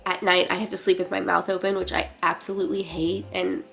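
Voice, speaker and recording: A young woman with a stuffy, congested voice, chatting casually and quietly in a home vlog update. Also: fairly low pitch, flat delivery, fairly quick, vocal fry, faint music behind. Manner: chatty, lots of fillers like "like" and "um"; keeping her voice down. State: congested, nasal. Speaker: vlogger. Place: guest room at home.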